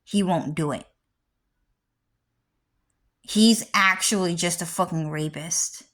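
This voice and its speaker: Woman vlogger, erratic profane ranter, loud bursts then muttering asides. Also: lowish voice, steady tone, a little fast. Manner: heavily profane, rambling and erratic, swinging between loud and muttered. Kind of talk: rambling livestream rant.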